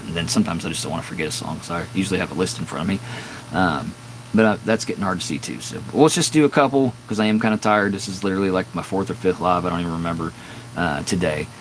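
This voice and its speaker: A man's voice: sits low, slight background noise, rough recording. A man in his fifties casually telling a long, candid story on a live stream from his garage, rambling with fillers and restarts. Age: 50s. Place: home garage with door open at dusk.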